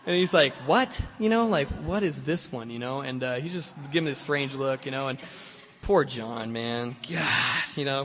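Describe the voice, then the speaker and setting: A man speaking as guest at a recovery meeting, telling his story in a lively way and acting out what other people said, getting loud when excited. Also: medium pitch. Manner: animated, acts out voices of others, grows loud when excited. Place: meeting hall. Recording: echoey hall, dull lo-fi recording.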